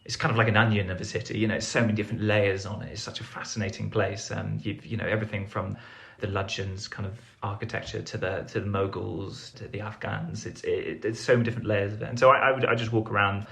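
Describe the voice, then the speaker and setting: Young guy rambling through a story on a podcast, lots of ums, fairly low voice. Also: little pitch movement, fast, creaky, few pauses, fairly bright tone. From England. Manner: rambling, self-deprecating, lots of fillers and restarts. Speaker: podcast guest, foreign correspondent. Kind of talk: casual storytelling interview.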